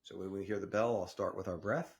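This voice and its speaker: A man leading a guided breathing meditation, with slow, gentle instructions in casual wording. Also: deep voice, steady tone. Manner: casual wording with small restarts. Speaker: meditation teacher.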